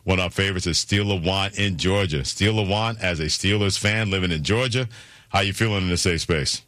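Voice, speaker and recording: A man hosting a sports radio show, animated and reading ads smoothly. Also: deep voice, fairly quick, no echo. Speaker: radio host.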